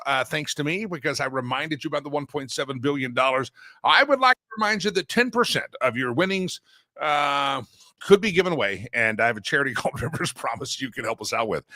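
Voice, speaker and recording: Rambling, bright-voiced male talk host. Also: fairly high pitch, dry recording, studio quality. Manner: rambling, self-interrupting, playful. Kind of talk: casual solo talk show monologue. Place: broadcast studio. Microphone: studio microphone.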